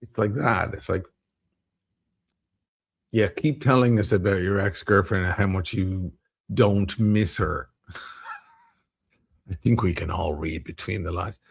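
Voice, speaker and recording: A man with a deep, gravelly voice rambles through a casual live stream chat. He swears freely and breaks into laughter between thoughts. His tone is a little husky. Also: measured pace, pauses often. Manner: rambling, profane, laughs often.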